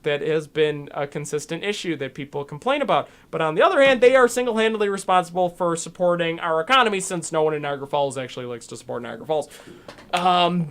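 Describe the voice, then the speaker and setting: A man's voice: sits high, a bit bright, smooth. A man, co-hosting a casual chat and rambling with many ums and restarts. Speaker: podcast co-host.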